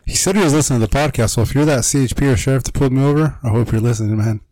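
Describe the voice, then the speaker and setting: A man from California co-hosting a podcast in casual chat, cracking quick jokes between comments. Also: mid-range voice, mellow, no echo, low-quality recording. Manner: jokey, quick interjections. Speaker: podcast co-host.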